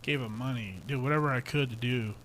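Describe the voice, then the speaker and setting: A young man co-hosting a podcast in casual chat, swearing freely and acting out quotes from friends in a louder voice. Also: mid-range voice, fast talker, slight background noise. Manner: profane, animated storytelling, acts out quotes loudly. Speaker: podcast co-host.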